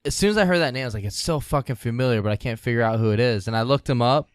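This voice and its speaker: A young man chats loosely on a podcast, dropping swear words and laughing between points. His voice is smooth and clear, recorded close in a dead, dry space. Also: mid-range voice, lively intonation, very fast, dry recording. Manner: laid-back, swears a lot, laughs often. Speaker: podcast host. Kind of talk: casual chat.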